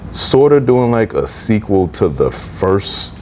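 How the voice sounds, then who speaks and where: Deep-voiced man chatting loosely. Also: slow, slight background noise. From New Jersey. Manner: laid-back storytelling, animated when telling funny stories. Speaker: podcast co-host. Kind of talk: casual chat.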